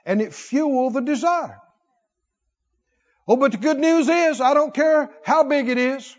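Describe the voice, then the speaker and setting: A man preaching a sermon, animated, with call-and-response and comic asides. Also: extremely high pitch, unhurried, in a large hall, dull audio.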